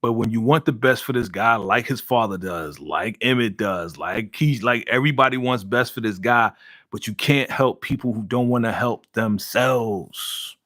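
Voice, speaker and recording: A man hosts a casual live stream, reading viewer comments aloud and ranting heatedly with laughs between. His mid-range voice moves at normal speed with a fairly bright tone, captured on a studio podcast mic with clean studio sound and no room sound.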